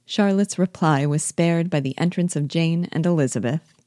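Low-voiced woman reading a novel aloud. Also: moderate pace, warm tone, no echo, clean studio sound. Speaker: reader guiding a book. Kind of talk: read-aloud novel narration.

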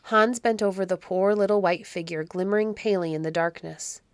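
A woman narrating a classic children's story in a measured, expressive reading. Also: medium pitch, no echo. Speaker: audiobook narrator.

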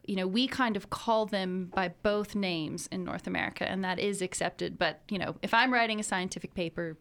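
A woman, a university scientist, explaining terms clearly as a guest on a radio interview. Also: mid-range voice, a bit bright. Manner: explanatory, measured, precise. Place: radio studio.

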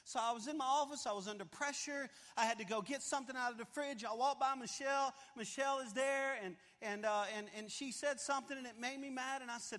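A man in his fifties preaching a confessional story sermon, animated and swinging from loud to hushed, in a large church auditorium. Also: extremely high pitch, quick pace, few pauses. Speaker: pastor. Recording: long hall reverb.

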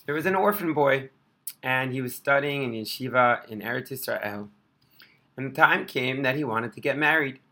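A man telling an inspirational religious story in an animated, expressive way. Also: medium pitch, moderate pace.

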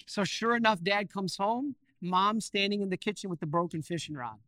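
A man preaching a sermon with animated storytelling, asking his listeners questions and acting out scenes. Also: high voice, normal speed, no echo. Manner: animated, acts out scenes, asks the audience questions.

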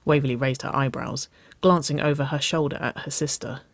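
A soft-spoken audiobook narrator who tells the story at an even pace, in a mid-range voice. The recording is dry and close. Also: medium pitch, a little fast, no room sound. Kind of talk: audiobook reading of fan fiction.

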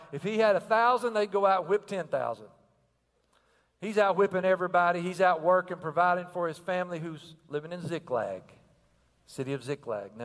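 A man's voice: high-pitched, fairly bright tone, in a large hall. An older man preaching a sermon with energy and rhythm, asking the crowd questions and repeating phrases. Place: church sanctuary.

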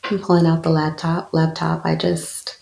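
A woman in her thirties speaks low and earnest, her voice heavily gravelly with fry. The sound is roomy and echoey around her as she tells a personal story in an interview. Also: completely flat delivery, moderate pace. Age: 30s. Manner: earnest, personal, with soft laughs. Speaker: guest, spiritual speaker. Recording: echoey room.

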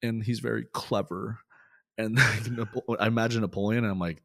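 A man's voice: on the low side, steady tone, moderate pace, a bit bright, dry recording, studio quality. A man hosting a casual movie podcast, talking loosely with frequent laughs and swearing. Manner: loose, profane, laughs often. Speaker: podcast host.

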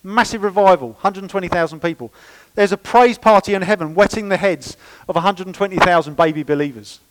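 A man delivers a sermon in church with a fairly high voice. He preaches in a lively, chatty way and drops playful asides to the congregation. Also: brisk, poor audio. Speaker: pastor.

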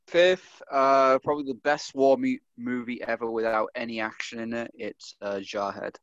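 A man's voice: medium pitch, level tone, moderate pace, a bit bright, dry recording. A man on a podcast panel, talking animatedly in a casual chat and swearing freely. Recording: dull lo-fi recording.

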